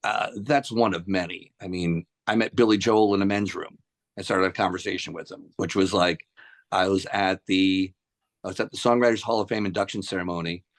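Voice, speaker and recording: A man's voice: deep voice, brisk. A middle-aged man, a musician being interviewed, telling casual stories and acting out the people in them. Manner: animated anecdotes, acts out quoted voices. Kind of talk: casual storytelling.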